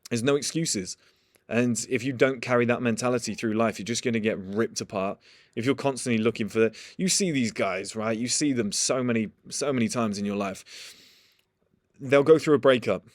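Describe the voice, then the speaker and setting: A man's voice: medium pitch, moderate pace, no room sound. A young man giving a blunt, profane motivational talk in a casual monologue. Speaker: motivational speaker.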